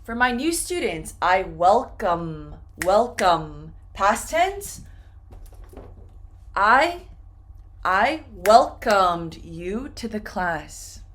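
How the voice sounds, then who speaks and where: A woman teaches English pronunciation at a very slow, deliberate pace. She says each word twice and stretches it out clearly for learners. Her pitch rises and falls in a lively, animated way. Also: a little hiss or hum. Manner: repeats words slowly and clearly for learners.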